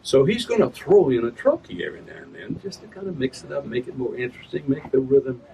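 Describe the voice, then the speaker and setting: A man's voice: mid-range voice, sing-song, quick pace, creaky, mellow, muffled recording. A man giving a reading of his own work, chatting casually with a live audience about verse and correcting himself as he goes. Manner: chatty, explains with rhythm sounds, self-corrects. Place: reading event room. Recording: distant mic with room ambience.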